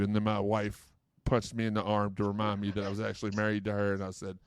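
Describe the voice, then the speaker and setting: Male sports podcast host, lowish smooth voice, rambling joker. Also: steady tone, fast talker, dry recording, clean studio sound. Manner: rambling storyteller, jokey, many restarts. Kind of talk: casual chat.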